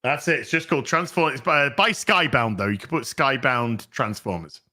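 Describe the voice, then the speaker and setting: A man with a British accent, a guest on a casual live-stream chat, brash and sweary in quick banter. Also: medium pitch, bright, forceful tone. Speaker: co-host guest.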